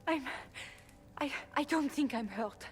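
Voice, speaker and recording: A shaken, bitter informant. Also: female voice, sits high, expressive, takes it slowly. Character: frightened young elven woman informant, bitter. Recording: game audio, reverberant, faint music.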